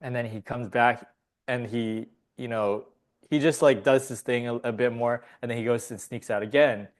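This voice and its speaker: Male podcast guest, rambling, laughing, swearing, casual chat, mid pitch. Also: steady tone, normal speed.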